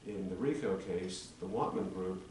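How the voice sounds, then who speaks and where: Man, 60s, attorney at a town meeting, argumentative, lowish voice, distant mic in an echoey room with faint hum. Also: normal speed, darkish tone. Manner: argumentative, building a legal case. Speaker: attorney addressing town commission. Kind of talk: formal presentation at a public meeting. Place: town commission meeting chamber.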